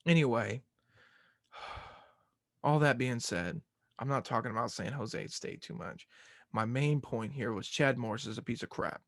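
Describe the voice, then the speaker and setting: A man's voice: medium pitch, a little slow, pauses often, fairly bright tone, no room sound, clean studio sound. A young man hosting a sports podcast, talking casually in rambling, self-mocking rants. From Arkansas fan, southern US.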